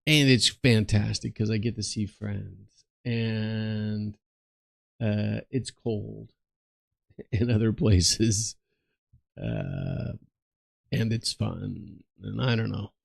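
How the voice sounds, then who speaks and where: Tired gravelly guy rambling slow over a game, lots of ums. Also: lowish voice, dry recording. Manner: slow, meandering, many fillers and restarts, mutters to himself. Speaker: streamer playing an online game while chatting. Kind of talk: casual rambling chat over gameplay.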